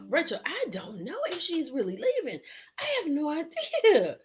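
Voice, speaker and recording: Speaking a little slowly in a high voice, a woman runs a live stream show, talking with her viewers and reading their comments. Animated and quick to laugh, she uses chatty Southern-style slang.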